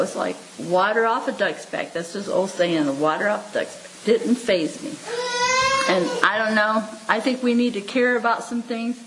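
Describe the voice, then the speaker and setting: A woman's voice: mid-range voice, a little hiss or hum, low-quality recording. A woman in her seventies giving a homespun devotional sermon, chuckling often, repeating her points and speaking to listeners like family. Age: 70s. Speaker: preacher.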